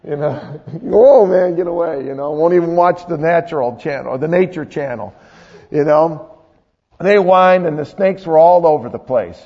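A male pastor with a high voice preaches casually and keeps asking his congregation questions. His voice rings through a long hall, and the recording sounds dull and lo-fi. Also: moderate pace. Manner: conversational, quizzes the congregation. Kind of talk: sermon.

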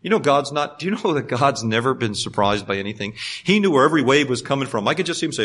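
A man preaching a sermon as a pastor, animated, swinging between loud emphasis and hushed tones, with folksy humorous asides. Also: medium pitch, fast, slightly rough.

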